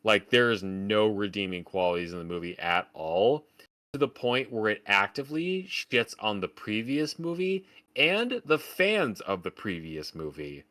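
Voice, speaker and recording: A man's voice: lowish voice, lively intonation, unhurried, pushed and bright. A man co-hosting a podcast, ranting about a film in casual, profane, sarcastic talk. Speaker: podcast co-host. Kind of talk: casual film review chat.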